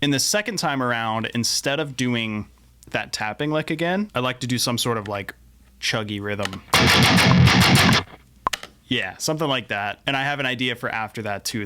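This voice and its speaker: A man's voice: mid-range voice, noisy background. A man chatting casually through a song he is building in his home studio, laid-back and self-deprecating, sometimes tripping over his words. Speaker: musician making a song on camera. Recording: music playing behind the voice. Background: guitar and drum playback.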